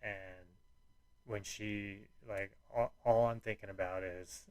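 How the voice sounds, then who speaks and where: A man's voice: lowish voice, fairly even intonation, slow, darkish tone, smooth, no echo. A man hosting a podcast, telling a personal story in a rambling way, full of fillers, restarts and swearing. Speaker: podcast host.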